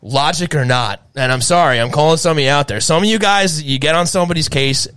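A man's voice: a little high, clean tone, no room sound. A man co-hosting a casual sports talk stream, rambling with lots of fillers. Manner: animated, fast, filler-heavy rambling. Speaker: podcast co-host.

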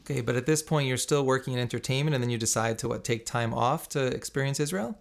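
Quick-talking male interviewer. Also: medium pitch, gravelly. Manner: curious, probing follow-up questions. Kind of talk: conversational interview questions.

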